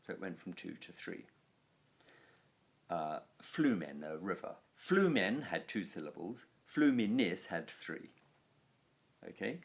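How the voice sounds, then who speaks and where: Slow, lively-pitched male Latin teacher. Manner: patient, chants declension endings in rhythm; plain-spoken, checks in with frequent "okay". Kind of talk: recorded grammar lesson.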